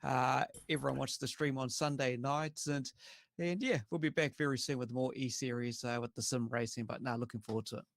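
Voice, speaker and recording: A man's voice: medium pitch, fairly even intonation, a little fast, no echo, clean studio sound. A man hosting a casual chat, matey and upbeat. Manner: matey and upbeat, says "mate" and "bro". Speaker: podcast host.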